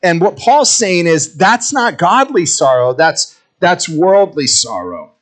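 A man's voice: high voice, sing-song, takes it slowly, low-quality recording. A man preaching a casual, conversational sermon, reading scripture and acting out stories with quoted voices. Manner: storytelling, acts out quoted voices. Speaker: pastor.

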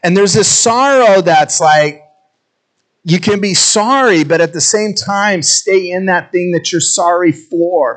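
A man's voice: high voice, unhurried, a bit bright, poor audio. A man preaching a casual, conversational sermon, reading scripture and acting out stories with quoted voices. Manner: storytelling, acts out quoted voices. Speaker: pastor.

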